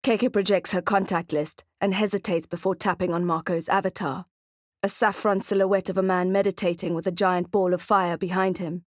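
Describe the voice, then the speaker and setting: A woman narrating an audiobook thriller in a steady, expressive reading. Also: lowish voice, normal speed, no room sound, studio quality. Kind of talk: scripted narration.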